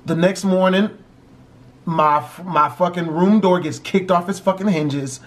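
High-voiced cursing storytime vlogger. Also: male voice, measured pace. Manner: animated, heavy cursing. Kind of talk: storytime vlog.

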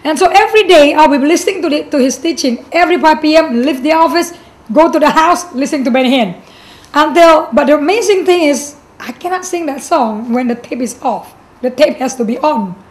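A middle-aged woman from Indonesia, a pastor giving a personal testimony in an animated storytelling manner, acting out the dialogue. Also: high-pitched, fairly quick.

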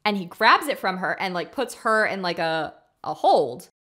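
A woman's voice: fairly low pitch, normal speed. A woman co-hosting a podcast, retelling a film scene by scene in casual chat, acting out the characters' lines with lots of filler words. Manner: animated retelling, acting out quotes, frequent fillers. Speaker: podcast co-host.

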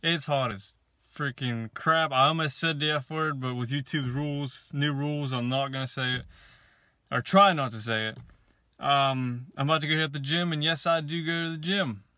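A young man chatting casually into a handheld camera mic, excitable and prone to repeating himself and laughing. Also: on the high side, normal speed. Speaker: gaming vlogger.

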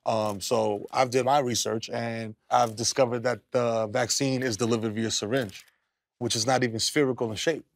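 A self-important male ballplayer with wild conspiracy theories, as a man sends him up in a comedy sketch. He talks in a lofty, mock-intellectual way and pushes his voice down low to seem smart, then flares up into high-pitched rants. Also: fairly even intonation, normal speed, creaky, close to an everyday voice. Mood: smug. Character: smug, conspiracy-minded male pro basketball star. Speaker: comedy show host.

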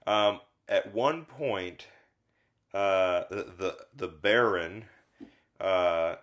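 Low-voiced man chatting about films. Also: drawn-out words, fairly bright tone. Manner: rambling, many fillers, acts out lines from scenes. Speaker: film review podcast co-host. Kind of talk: casual conversational film discussion.

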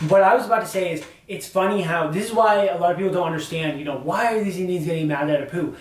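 A man's voice: high voice, fast. Earnest young man, roomy distant sound. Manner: earnest, building arguments with many fillers. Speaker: discussion co-host. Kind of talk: casual discussion on camera.

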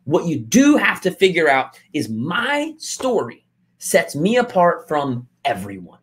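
Male coach, motivational talk, lively pitch that swoops up and down, emphatic, repeats his points. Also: unhurried. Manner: emphatic, repeats key lines, acts out quotes.

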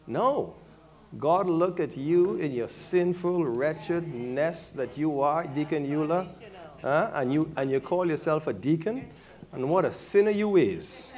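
A male pastor preaching a sermon, calling on members of his congregation by name, swinging from quiet remarks to loud, high-pitched exclamations. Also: lively intonation, unhurried. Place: church sanctuary.

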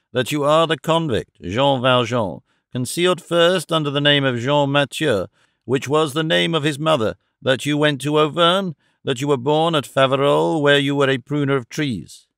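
A harsh, accusing prosecutor lays out his case severely, as a male narrator reads him. The voice is gravelly and the sound is dry and close. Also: fairly high pitch, normal speed, a bit bright, dry recording.

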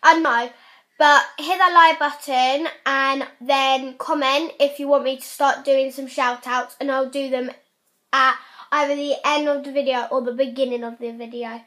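Young woman vlog host, high voice, rambling casual chatter, filler-heavy. Good for a relaxed question-and-answer home video. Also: normal speed.

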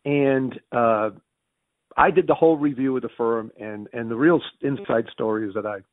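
A man with a Northern US accent, telling business stories as an interview guest, acting out the dialogue he recalls with quick restarts. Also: mid-range voice, dry recording, phone-quality sound. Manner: lively storyteller who acts out quoted dialogue with restarts. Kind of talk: animated business storytelling.

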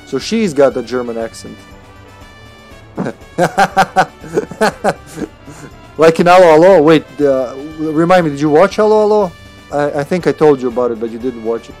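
A man's voice: on the high side, lively intonation, a little slow, pauses often, darkish tone, faint music behind. A man streaming a game, chatting casually as he plays, swearing freely and thinking aloud. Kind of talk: casual gameplay commentary.

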